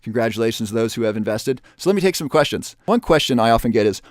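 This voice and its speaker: A man presenting a webinar and making an upbeat sales pitch, repeating the offer with urgency. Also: animated, fast, hardly any pauses, no room sound, clean studio sound.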